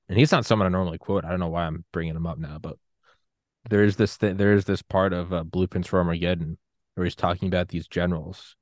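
Man, 30s, very low voice, dry sound, animated casual talk. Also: dry recording. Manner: animated, acts out quotes. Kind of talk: casual conversation.

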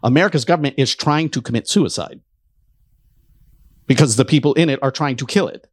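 A man's voice: medium pitch, a little fast, dry recording, studio quality. A man hosting a show, giving urgent, emphatic political commentary straight to his audience. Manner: emphatic, urgent, sweeping claims.

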